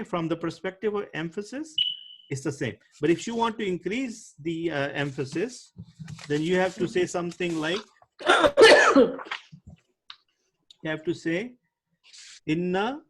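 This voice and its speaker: A man teaching Arabic grammar in an online class, explaining patiently and often checking if students follow. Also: a little high.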